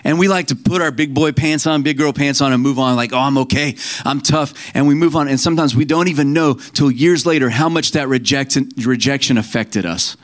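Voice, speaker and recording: A man's voice: mid-range voice, brisk, few pauses. A man preaching a sermon in a conversational, storytelling way, quoting scripture and family members and laughing at himself now and then.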